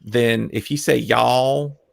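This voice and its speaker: A man's voice: medium pitch, steady tone, takes it slowly, gravelly, no room sound. A man hosting a casual livestream chat over a video call, rambling and restarting, laughing often. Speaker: livestream host.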